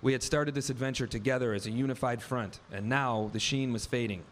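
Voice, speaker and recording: A man's voice: mid-range voice, a little fast, slight background noise. A man in his thirties telling a personal story on stage, wry and vivid, acting out the dialogue in his own words. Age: 30s. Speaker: live storyteller. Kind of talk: first-person story told live on stage.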